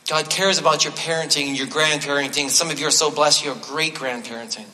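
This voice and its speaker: The long reverb of a large hall surrounds a man preaching as pastor in a church sanctuary. His fairly high voice is steady, pushed and bright, moving a little fast. He speaks conversationally, adding self-deprecating humor and repeating key phrases to stress them.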